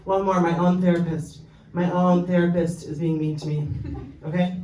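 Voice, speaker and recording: This young adult comedian's voice is high and fairly monotone, with a darkish tone and moderate pace. He rambles with fillers through a stand-up set and laughs at his own jokes. A comedy club crowd laughs in the background, the mic picks him up from a distance in roomy live sound, and there's a little hiss or hum.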